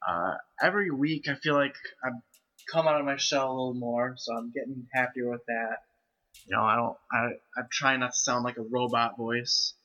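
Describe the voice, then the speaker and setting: A man's voice: medium pitch, fairly even intonation, moderate pace, pushed and bright. A man hosting a casual podcast chat, speaking hesitantly with frequent restarts. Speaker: podcast host. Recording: lo-fi home mic.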